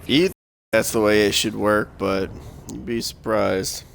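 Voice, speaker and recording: A man's voice: lowish voice, fairly even intonation, unhurried, vocal fry, fairly bright tone, a little hiss or hum. A man in casual gaming banter over voice chat, profane and joking.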